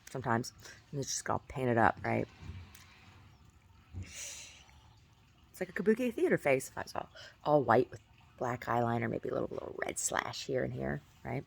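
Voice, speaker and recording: Giggly low-voiced woman rambling. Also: creaky. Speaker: vlogger. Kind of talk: casual chat.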